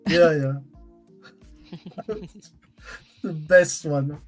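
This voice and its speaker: A livestream panelist in casual chat, halting and full of fillers. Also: mid-range voice, fairly even intonation, soft background music, low-quality recording.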